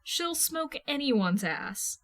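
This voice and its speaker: A woman reader voicing a brash, teasing young female vigilante who talks loud and swears freely. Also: sits high, big pitch swings, slow pace, voice pushed up, heavily acted. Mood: offhand.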